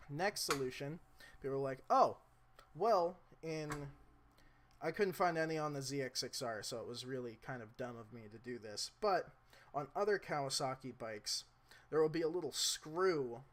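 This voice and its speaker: A young man with a mid-range, fairly bright voice walks viewers through a motorcycle repair in a relaxed vlog. He talks to the camera mic while he works, rambling and running himself down as he goes.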